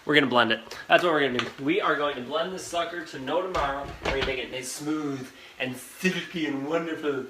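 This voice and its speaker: A man's voice: on the high side, brisk, few pauses. Chatty man hosting a live cooking show. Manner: chatty, rambling, talks straight to viewers. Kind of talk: casual live-stream cooking chat. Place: home kitchen. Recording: echoey kitchen with background noise. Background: fan noise.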